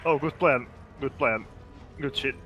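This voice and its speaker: A man's voice: mid-range voice, unhurried, fairly bright tone, faint music behind. A man chatting casually while playing a video game, teasing his partner, swearing and laughing often. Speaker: game player. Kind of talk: casual gaming chat.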